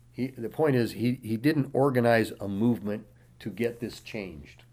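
A middle-aged man preaching a sermon, reading scripture aloud and explaining it in plain talk. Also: moderate pace. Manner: rises loud and high reading scripture, drops quiet and low explaining.

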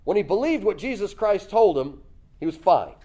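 A man preaching a sermon, telling the story lively, acting out voices and chuckling often. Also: sits high, normal speed. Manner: lively storytelling, acts out voices with loud jumps.

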